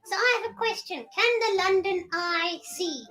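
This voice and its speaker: A woman voicing a grumpy little girl puppet with yellow hair, sulky, bossy and contrary, on a children's puppet show. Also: extremely high pitch, normal speed, soft background music. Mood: exasperated.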